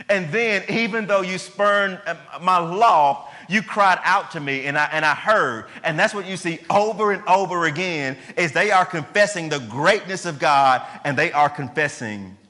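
A man's voice: fairly high pitch, pushed and bright. A man preaching a sermon, emphatic and conversational, asking his listeners questions. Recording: long hall reverb.

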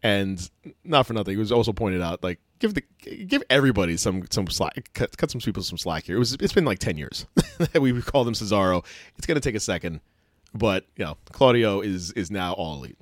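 Man, very deep voice, excitable, halting, casual co-host, dry close recording. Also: no echo. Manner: excitable, halting with many fillers and restarts. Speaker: podcast co-host. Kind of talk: casual wrestling chat.

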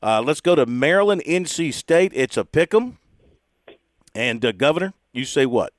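A man's voice: a little high, lively intonation, moderate pace, no echo. A man hosting a radio sports talk segment, jovially running through game picks and often laughing at his guests. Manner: jovial, laughs often while reading spreads. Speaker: radio sports show host. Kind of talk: casual radio chat.

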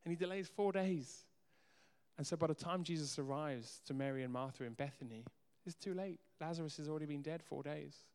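A man preaching a sermon as pastor, earnest, moving between soft quiet asides and emphatic raised lines. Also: a little high, fairly quick, smooth. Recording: long hall reverb.

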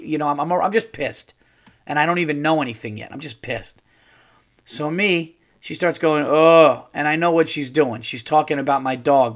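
A man hosting a podcast who tells a story in a casual monologue, ranting and swearing as he gets fired up. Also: a little high. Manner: profane, animated ranting. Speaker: podcast host.

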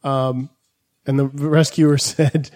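A man with a middle-pitched voice hosts a loose podcast chat, swearing constantly as he rambles through stories. He sometimes breaks into squeaky high impressions, then drops back to his ordinary tone. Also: little pitch movement, takes it slowly, a little mellow. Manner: profane, rambling storyteller who slips into squeaky impressions. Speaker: podcast host. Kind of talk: casual podcast banter.

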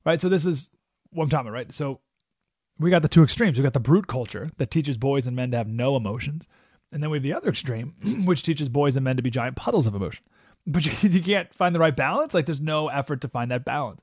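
Animated, emphatic male radio host. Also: fairly high pitch, fast, slightly rough, dry recording, clean studio sound. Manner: emphatic, animated, acts out quoted voices. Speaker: radio talk show host. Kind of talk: opinionated radio monologue. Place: radio studio.

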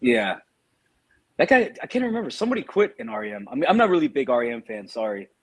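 A man's voice: medium pitch, big pitch swings, quick pace, husky. A man co-hosting a casual football podcast, making dry, sardonic asides. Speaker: podcast co-host.

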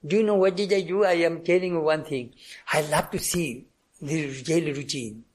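A high-voiced man gives a devotional talk, telling anecdotes and acting out little exchanges between the people in them. He restarts his sentences often and keeps breaking off to cough. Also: normal speed. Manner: anecdotal, acts out dialogue, frequent restarts. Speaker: spiritual speaker.

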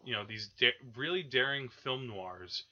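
A man's voice: mid-range voice, expressive, normal speed, pushed and bright, dull audio. A man hosting a podcast, chatting casually about old films with lots of fillers and restarts. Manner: rambling, many fillers and restarts. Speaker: podcast host. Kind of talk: casual film discussion.

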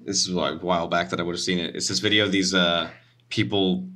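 Low bright-voiced guy, rambly casual chat. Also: flat delivery, quick pace. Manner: rambling, chatty, trails off.

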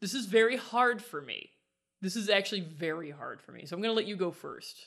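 A woman's voice: mid-range voice, animated, a little fast, creaky, a bit bright. A woman co-hosting a podcast in a playful, casual way, steering the talk into the next segment. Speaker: podcast co-host. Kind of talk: casual chat.

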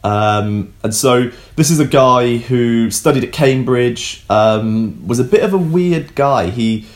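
A man's voice: medium pitch, slow. A man co-hosting a casual science podcast, explaining things loosely with jokes and many ums. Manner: relaxed, joking, many ums and restarts.

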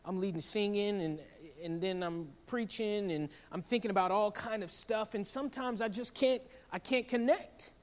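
A man preaching a sermon in a church, in a lively conversational way that keeps checking in with a "right?". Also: high-pitched, moderate pace, hardly any pauses, long reverb tail. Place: church sanctuary.

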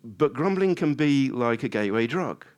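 A man's voice: moderate pace, clear, resonant tone. A man preaching a sermon in a conversational way, acting out prayers with rising emphasis. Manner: animated, rising high when acting out prayers; conversational with restarts and asides.

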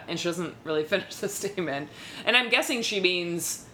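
A woman with a somewhat low voice co-hosts a casual podcast, recapping with dry sarcasm and the odd swear word. A faint rumble sits under her voice. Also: animated, fairly quick, bright, forceful tone. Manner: sarcastic, swears, reads quotes from her notes. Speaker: podcast co-host.

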